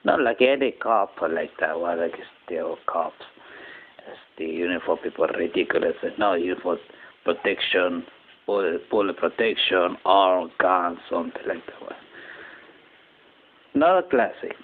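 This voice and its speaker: A man from Japan, rambling through a personal story in halting English with many restarts. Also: low voice, expressive. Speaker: channel host. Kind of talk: casual personal monologue. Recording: tinny phone-quality audio with faint noise.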